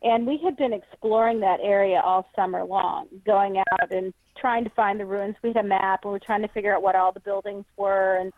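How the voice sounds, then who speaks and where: A woman guest calling in over a tinny phone line. She tells her story in an earnest, measured way. The sound is dry, with no room around it. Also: medium pitch, steady tone, dry recording. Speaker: author and paranormal researcher, guest. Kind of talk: interview answers.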